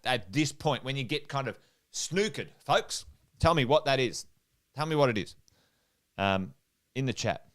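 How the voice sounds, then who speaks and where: A middle-aged man with an Australian accent coaches his livestream viewers, repeating key points and firing questions at them. His voice sits a little high and comes through smooth and clear. He keeps an energetic, chatty pace. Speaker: property investment coach. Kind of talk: whiteboard livestream talk.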